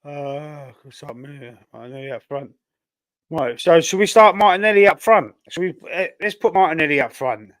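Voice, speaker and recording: A man's voice: a little high, expressive, moderate pace, fairly bright tone, no room sound. A man with a Cockney accent, chatting casually on a football fan stream, rambling and thinking aloud with lots of fillers while fighting a cough. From London, England. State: coughing, a bit choked. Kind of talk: casual live-stream chat, reading viewer comments.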